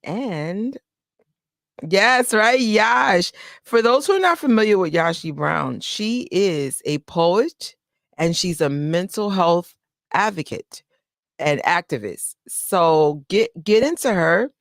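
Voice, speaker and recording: A woman's voice: fairly low pitch, slow pace, dry recording, clean studio sound. Chatty woman hosting a fan live stream. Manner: chatty and excitable, greets viewers by name, laughs often. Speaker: fan channel host. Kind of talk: casual live stream chat. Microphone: desk microphone.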